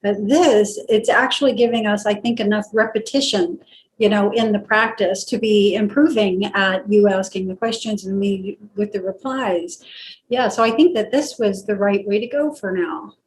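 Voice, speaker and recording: A woman's voice: mid-range voice, normal speed, rough recording. A woman talking casually and reflectively during a channeling practice session, thinking aloud with many fillers. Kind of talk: casual conversation.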